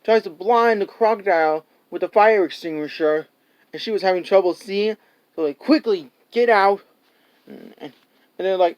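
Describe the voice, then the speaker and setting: High, smooth-voiced rambling man. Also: moderate pace, a little mellow. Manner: rambling, full of "like" and restarts; laughs often and acts out scenes. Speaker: movie reviewer. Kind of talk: casual spoken movie review.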